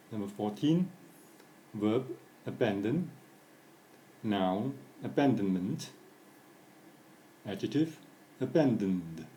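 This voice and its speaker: A man reading an English grammar lesson as scripted narration, going through word forms in a measured, deliberate way. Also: lowish voice, warm tone, slight background noise. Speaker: English teacher. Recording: echoey room.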